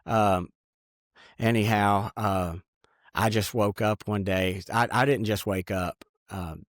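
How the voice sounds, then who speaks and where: A man giving an earnest, halting personal testimony in an interview. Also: on the low side, dry recording, clean studio sound.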